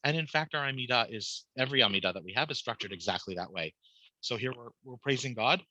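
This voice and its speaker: A man's voice: mid-range voice, animated, quick pace, bright, forceful tone, no room sound, highs cut off. A man, a cantor, teaching a class casually, explaining prayer translations and questioning his students.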